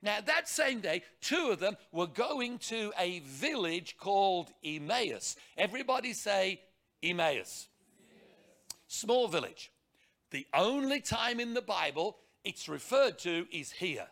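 A man preaching a sermon to a congregation, emphatic and animated, with rhetorical questions and repeated words. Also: high voice.

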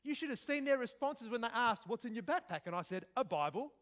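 High-voiced man preaching. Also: expressive, fairly quick. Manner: storytelling with sudden loud outbursts. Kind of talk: sermon.

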